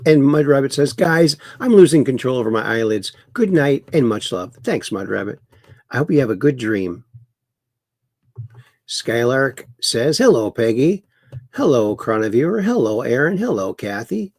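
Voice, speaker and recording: A man hosts a casual political commentary livestream from his home in Wisconsin, reading viewer chat aloud and chuckling as he mocks the news. His medium-pitched voice is sing-song and a little mellow at a moderate pace, recorded dry with studio quality.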